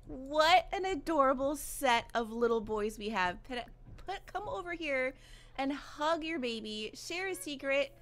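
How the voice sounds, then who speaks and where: Bubbly high-voiced young woman gaming. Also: a bit bright. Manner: bubbly, gushing, squeals with delight. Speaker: gaming YouTuber. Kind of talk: casual let's-play commentary.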